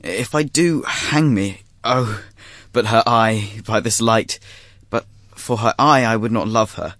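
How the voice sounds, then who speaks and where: A man's voice: fairly low pitch, takes it slowly, fairly bright tone, dry recording, studio quality. An actor playing a witty, lovesick young nobleman who mocks his friends. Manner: wry, mocking. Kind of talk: stage acting in verse.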